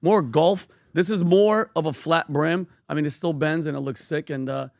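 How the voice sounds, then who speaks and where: A man co-hosting a podcast in casual banter, quick and teasing. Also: a little high, gravelly, darkish tone, dry recording, studio quality. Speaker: podcast co-host.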